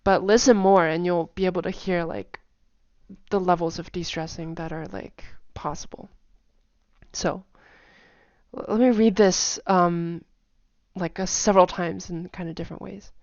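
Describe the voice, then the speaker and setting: Speaking at a measured pace, a language teacher runs through a casual, chatty lesson packed with fillers, saying the same example phrases over and over. She has a lowish, darkish voice and fairly even intonation. It's a dull, dry home recording.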